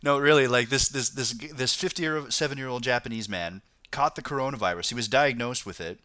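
A man's voice: mid-range voice, fairly quick, pushed and bright, no echo. A man hosting a casual podcast, chatting about news stories with frequent restarts and laughter. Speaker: podcast host reading news. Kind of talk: casual chat.

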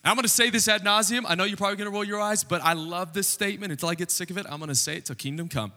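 A man preaches a sermon in a church, his fairly high voice bright and forceful. He talks to the congregation conversationally and tosses in joking asides. A long reverb from the hall trails behind his words. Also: racing. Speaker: pastor. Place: church sanctuary.

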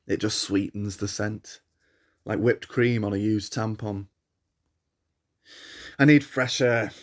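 A man reading a crude comic short story aloud with a wry, deadpan delivery. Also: lowish voice. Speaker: reader.

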